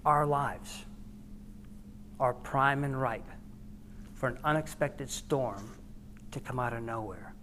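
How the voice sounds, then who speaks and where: A woman's voice: rumbling low, takes it slowly, pauses often, a bit bright, slight background noise. A woman podcast host giving an earnest devotional talk, preaching with repeated phrases.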